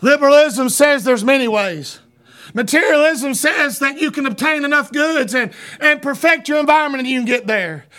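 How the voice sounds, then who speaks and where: Man, sermon, fervent shouting, bright tense tone. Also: extremely high pitch, moderate pace. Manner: shouting fervently, with frequent repeated words. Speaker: preacher.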